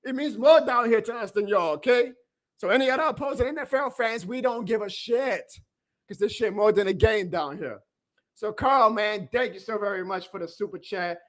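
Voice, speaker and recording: A man's voice: sits high, moderate pace, a bit bright. A man hosting a live sports reaction stream, fired up and emphatic, repeating his lines for effect. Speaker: livestream host.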